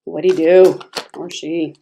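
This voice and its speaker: A woman gives a casual tarot reading in a mellow, warm voice. She is chatty and expressive, laughing often and talking as if to a friend. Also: deep voice, a little slow, gravelly, lo-fi sound, a little hiss or hum. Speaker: tarot reader.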